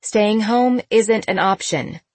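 Young mother, coaxing, firm, audiobook, husky, dry, woman reader. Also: medium pitch, expressive, normal speed, no room sound, lightly acted.

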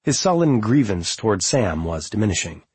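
Audiobook narrator, male, very husky, lowish voice, calm and measured, dry close mic. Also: dry recording.

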